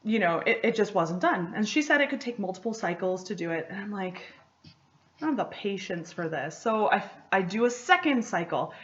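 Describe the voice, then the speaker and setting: A young woman hosting a knitting podcast in casual chat, excitable and rambling, often laughing between thoughts. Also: medium pitch, brisk, hardly any pauses, highs cut off, a little hiss or hum.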